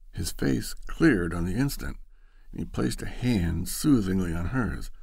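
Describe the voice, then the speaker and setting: A man narrating a classic story in an expressive, storytelling manner. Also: sits low, a little slow, vocal fry, breathy edge, dry recording.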